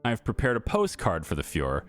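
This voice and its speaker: A man's voice: on the low side, wildly swooping pitch, faint music behind. Man doing a menacing German official. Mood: smug. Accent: put-on German. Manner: slow, drawn-out, smugly threatening. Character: cold, menacing male German official, middle-aged.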